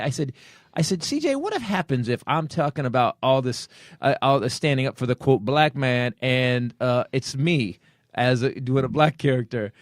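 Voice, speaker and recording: Middle-aged man, comedy podcast host, lively storyteller, dry close-mic sound. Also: mid-range voice, normal speed, no echo. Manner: animated storytelling, acts out quoted friends. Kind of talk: casual comedy podcast talk.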